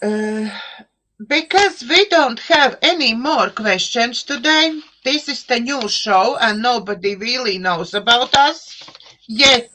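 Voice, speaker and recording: Slow-talking bright-voiced Eastern European woman. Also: fairly high pitch, animated, slight background noise, rough recording. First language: an Eastern European language. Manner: slow, searching, with many fillers and restarts. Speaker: host. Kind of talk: live online chat show.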